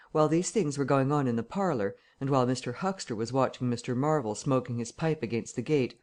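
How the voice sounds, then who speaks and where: A man reading a classic novel aloud as audiobook narration, measured and steady. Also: mid-range voice.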